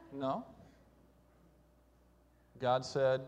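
A male pastor preaching a sermon, with loud emphatic stretches and quieter hushed lines. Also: a little high, expressive, takes it slowly, pauses often, breathy edge.

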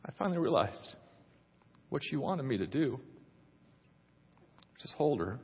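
A middle-aged man preaching in a husky voice that swoops up and down a lot. He talks conversationally and with humor, often slipping into little quoted voices. The recording is dull and carries a long hall reverb. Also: mid-range voice, big pitch swings, unhurried. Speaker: pastor. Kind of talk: sermon.

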